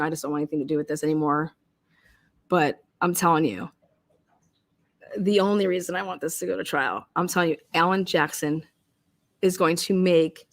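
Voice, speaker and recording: A woman hosting a true crime livestream, ranting casually and loudly with a lot of swearing. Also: on the low side. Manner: rowdy, swearing, animated. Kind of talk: casual profane livestream rant.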